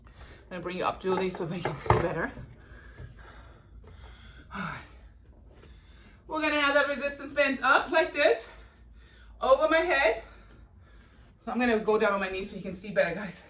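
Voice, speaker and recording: A woman's voice: on the high side, a bit bright. A woman fitness instructor coaching a workout class, upbeat and a little out of breath as she cues moves and counts down reps. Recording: echoey room, voice from far off.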